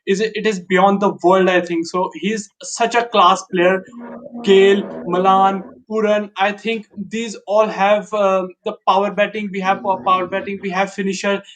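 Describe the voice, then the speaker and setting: High-voiced man, eager and halting. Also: little pitch movement, fairly bright tone, a little hiss or hum, low-quality recording. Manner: enthusiastic, halting, repeats himself. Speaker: fan guest. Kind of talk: casual fan chat.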